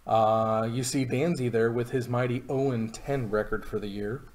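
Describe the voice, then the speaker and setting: A man's voice: mid-range voice, fairly even intonation, normal speed, a little mellow. A man giving casual live commentary on a card game stream, chatty and rambling with many fillers and jokey asides. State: has the hiccups.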